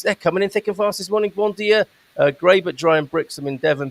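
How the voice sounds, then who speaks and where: A man's voice: a little high, creaky, no room sound. A man hosting a casual live-stream show from Portugal over a video call, chatting and reading out viewers' comments. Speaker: host. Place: home in Portugal.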